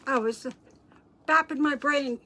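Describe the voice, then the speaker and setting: A middle-aged woman with a high, bright voice chats loosely with her livestream viewers, greeting them by name and wandering off into asides. A faint hiss of background noise sits under her voice. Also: slow. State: out of breath. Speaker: craft livestream host. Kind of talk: casual live chat with viewers.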